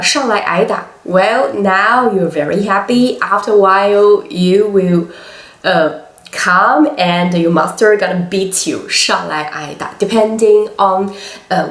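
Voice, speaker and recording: A woman with a Chinese accent teaching a language lesson, explaining slowly with many pauses and hesitations. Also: mid-range voice, echoey room.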